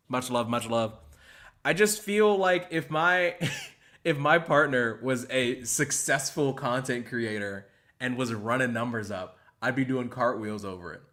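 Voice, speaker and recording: A man hosting a live stream, reacting to a clip with emphatic commentary and shout-outs to the chat. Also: medium pitch. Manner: animated, emphatic, reads out chat.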